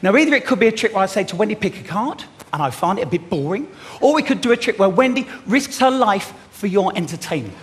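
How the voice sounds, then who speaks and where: A man doing a magic act on a theatre stage, bantering cheekily and loudly with the audience. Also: sits high, expressive, fast talker, hardly any pauses. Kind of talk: comic stage patter with audience. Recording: live theatre with loud crowd and noise.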